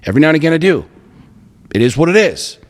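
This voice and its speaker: A man's voice: a little high, big pitch swings, fast talker. Blunt guy cursing a lot on a couple's podcast, big echoey hall sound. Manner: blunt, profane, emphatic. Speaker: podcast co-host. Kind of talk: casual chat. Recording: long hall reverb.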